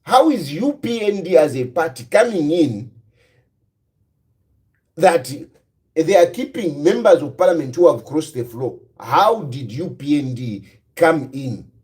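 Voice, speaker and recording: A Zambian-accented man delivers political commentary on his own. His voice sits high and swings widely in pitch. He keeps firing rhetorical questions and slips easily between English and Bemba. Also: big pitch swings, unhurried, darkish tone.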